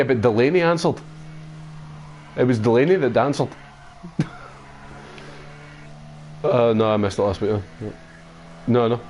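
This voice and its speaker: Streaming a racing game, the Scottish man talks in a darkish mid-range voice, swearing, mocking and laughing often in casual chat. There's a bit of hiss or hum in the recording.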